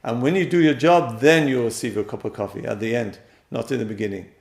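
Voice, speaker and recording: A man teaches a lesson on married life, his voice gravelly with fry at mid pitch. He speaks emphatically and turns to address the listeners directly, repeating his main points. The recording carries a roomy echo. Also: fairly even intonation, fast talker, a little mellow. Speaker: teacher giving marriage guidance.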